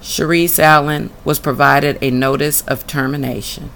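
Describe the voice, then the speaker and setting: Woman reading her case papers out loud, calling it out, forceful tense voice. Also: deep voice, fairly even intonation, moderate pace, creaky, slight background noise. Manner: indignant, emphatic, blunt. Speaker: tenant telling her own housing case. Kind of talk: reading documents aloud and reacting.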